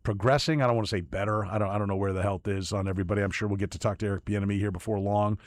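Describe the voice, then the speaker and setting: A man's voice: lowish voice, fairly even intonation, very fast, no room sound, clean studio sound. A man hosting sports talk radio, giving emphatic opinions and often repeating words as he starts a point. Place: radio studio. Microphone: studio microphone.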